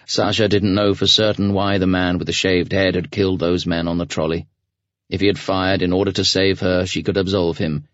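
A man reading a novel aloud in an even, measured audiobook narration. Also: low voice, no room sound. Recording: dull dry studio recording.

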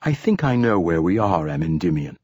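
A man doing a calm, formal android. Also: low voice, husky, exaggerated voice. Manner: measured, formal.

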